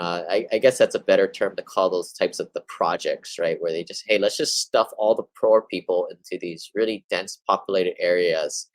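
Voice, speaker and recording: Man, very low voice, dry close sound, casual market update host, rambling with ums and restarts. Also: no room sound, poor audio. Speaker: real estate investing host. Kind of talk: monthly market update talk.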